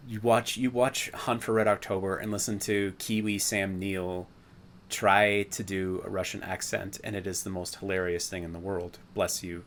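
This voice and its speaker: A man's voice: sits low, little pitch movement, normal speed, fairly bright tone, slight background noise. A man co-hosting a podcast, reviewing a film in casual chat with a rambling, self-interrupting, nerdy way of talking. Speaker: podcast co-host.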